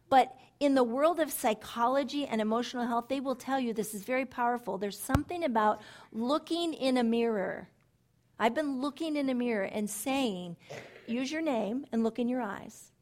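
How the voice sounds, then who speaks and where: A woman with a fairly high voice preaches to a gathering of women. She is animated and emphatic, driving points home through repetition. Now and then she drops into soft, hushed asides. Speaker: women's ministry speaker. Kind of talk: sermon-style Bible teaching.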